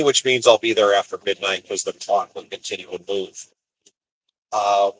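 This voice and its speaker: A man's voice: lowish voice, poor audio. A man, a van driver, telling road stories in a rambling, wry way during a live stream from his van. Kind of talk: casual storytelling live stream. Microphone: phone.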